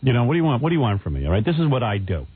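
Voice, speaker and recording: Sarcastic guy hosting a radio show, talks fast, tinny old radio sound with a little hiss. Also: mid-range voice, very animated. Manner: blunt, sarcastic. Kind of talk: radio talk show banter.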